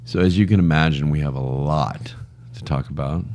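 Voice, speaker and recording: A man's voice: rumbling low, moderate pace, a little mellow, slight background noise. A man co-hosting a podcast in casual banter, joking and poking fun at himself. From Scotland. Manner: joking, self-deprecating storyteller. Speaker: podcast co-host. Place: studio.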